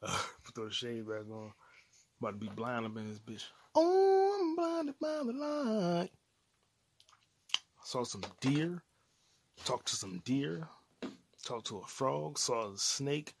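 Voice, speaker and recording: A man's voice: medium pitch, unhurried, vocal fry, fairly bright tone, slight background noise. A man in his late twenties hosting his own podcast alone, rambling casually in a loose, profane, slang-heavy way. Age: 20s. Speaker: podcast host. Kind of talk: casual solo podcast rant.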